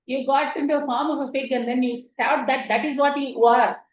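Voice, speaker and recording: A woman voicing a calm, all-knowing male sage who explains in a low, quiet voice, recorded distant and echoey. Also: fairly quick, muffled recording, lightly acted. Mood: explaining.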